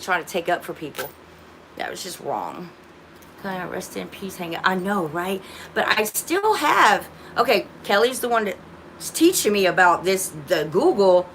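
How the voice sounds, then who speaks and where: A woman's voice: mid-range voice, a bit bright, a little hiss or hum. Rambling woman chatting on a phone livestream. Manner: rambling, many restarts, talks to viewers as y'all. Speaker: livestream host. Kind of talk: casual livestream chat.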